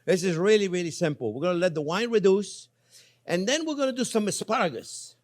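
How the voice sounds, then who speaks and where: A man's voice: high-pitched, brisk. An older man hosting a cooking show, chatting playfully with viewers as he cooks. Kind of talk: casual cooking demonstration.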